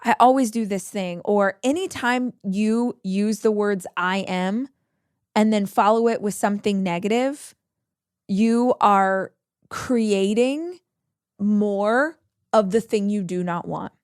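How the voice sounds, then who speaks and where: An earnest woman host talks through advice on her podcast, leaning hard on her points and repeating the phrases that matter. Her voice sits at an ordinary pitch. The sound is close and dry, with no room echo. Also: slow, darkish tone, clean tone. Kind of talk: advice monologue.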